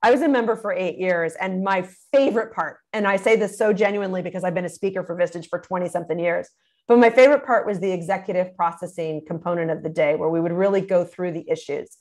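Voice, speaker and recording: A woman's voice: on the low side, fast, darkish tone. A middle-aged woman, a communication speaker, answering interview questions expressively, acting out quoted phrases and laughing easily.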